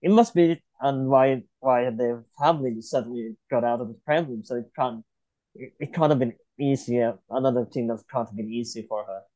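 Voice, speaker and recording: A man's voice: medium pitch, moderate pace, dark tone, muffled recording. A man hosting a history podcast interview, thinking aloud and often trailing off and restarting his sentences. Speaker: podcast host.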